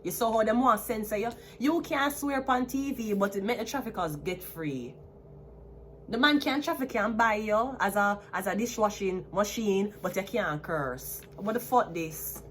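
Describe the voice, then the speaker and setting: A Jamaican woman in her thirties talks straight to camera, defiant and swearing freely. She slides between thick patois and plainer English. Her voice sits at an ordinary middle pitch for a woman. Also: lively intonation, normal speed, a bit bright, a little hiss or hum. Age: 30s. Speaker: tarot reader. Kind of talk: ranting to camera.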